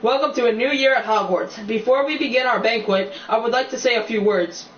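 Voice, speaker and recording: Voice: medium pitch, brisk, a bit bright, natural voice. A reader voicing a cheerful, eccentric old headmaster wizard giving a silly welcome, in an amateur audiobook reading. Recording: dull, roomy, distant recording with faint hiss.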